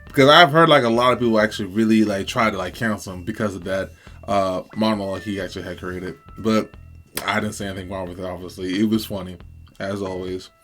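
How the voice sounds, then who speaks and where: A man's voice: low-pitched, fairly even intonation, fast, a bit bright, soft background music. A man giving casual reaction commentary, rambling hesitantly with lots of fillers. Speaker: reaction video creator.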